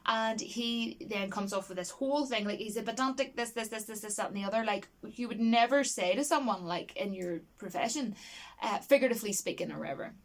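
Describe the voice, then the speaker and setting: This is a woman chatting casually to her audience about a film she loves. She rambles, backtracks and restarts her sentences, but her delivery stays animated and expressive. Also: a little high, a little fast. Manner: enthusiastic and expressive, laughs easily. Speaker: film reviewer. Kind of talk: casual film review chat.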